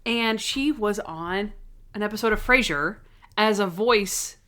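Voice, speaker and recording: A woman co-hosting a podcast, chatting casually in a rambling recap full of quick asides. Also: mid-range voice, a bit bright. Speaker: podcast co-host. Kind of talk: casual chat.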